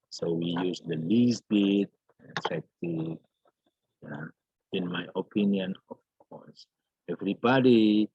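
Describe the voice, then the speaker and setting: Man teaching a grammar lesson, low voice, swooping pitch, dry close sound. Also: slightly rough, no echo. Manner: slow, repeats phrases, calls out "everybody" and "yeah". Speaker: English teacher. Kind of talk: recorded online grammar lesson. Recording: dull lo-fi recording.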